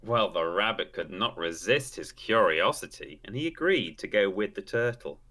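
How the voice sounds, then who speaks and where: A male streamer reads a story aloud on a livestream in an expressive, animated way. His voice is fairly low but bright, and his pitch moves around a lot. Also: moderate pace, poor audio. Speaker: streamer and co-host.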